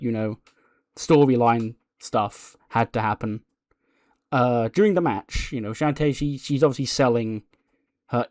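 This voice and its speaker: A man's voice: medium pitch, no room sound. Man, casual game narration, rambling, laughs, dry close sound. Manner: rambling, laughing, lots of fillers. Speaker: game streamer.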